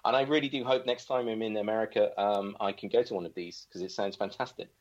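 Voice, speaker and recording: A man's voice: fairly low pitch, steady tone, fast, a little mellow. A man co-hosting a casual movie podcast, rambling and joking with lots of restarts. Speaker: podcast co-host. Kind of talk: casual movie-review chat. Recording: dull lo-fi sound.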